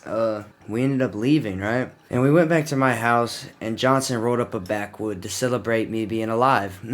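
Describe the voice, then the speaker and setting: A man's voice: mid-range voice, normal speed. A young man telling a casual storytime vlog in a slangy, profane, rambling way with lots of fillers. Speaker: vlogger.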